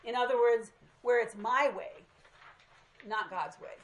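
A woman's voice: on the high side, unhurried, dull audio. A woman teaching a small group in a casual, self-deprecating way, recorded in a meeting room. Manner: chatty, self-deprecating storytelling. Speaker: Bible study teacher.

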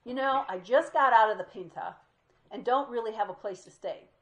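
A woman's voice: on the high side, moderate pace, dull audio, natural voice. Woman putting on a hulking young ex-con. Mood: pleading. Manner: street slang mixed with Spanish words. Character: burly young male ex-con, tender and boisterous.

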